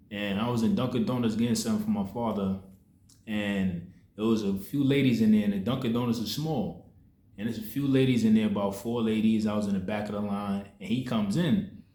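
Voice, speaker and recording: Low-voiced man storytelling in an echoey room. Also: steady tone, a little fast, warm tone. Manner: loose street slang, rambling retelling with many restarts. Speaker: spiritual content creator. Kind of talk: casual spoken storytelling.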